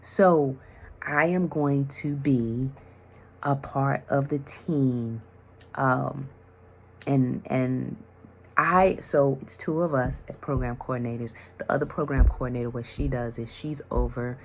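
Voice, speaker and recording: Woman vlogger, very deep gravelly voice, animated casual storyteller. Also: unhurried, a little hiss or hum. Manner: animated storytelling, acts out conversations. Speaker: vlogger, mental health worker and yoga teacher.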